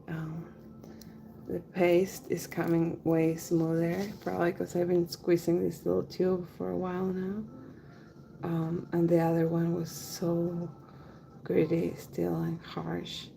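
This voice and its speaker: A woman talks casually while she works through a livestream. Her voice is low and gravelly with a mellow, dark tone. She sounds relaxed and chatty, often trailing off as she concentrates. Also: takes it slowly, slight background noise, low-quality recording. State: has the hiccups. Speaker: henna artist livestreaming. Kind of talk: casual chat while working.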